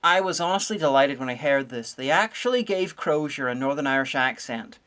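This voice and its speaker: A woman giving a sarcastic, nitpicking comedic review, full of deadpan asides. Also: deep voice, a little fast, few pauses. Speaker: video reviewer.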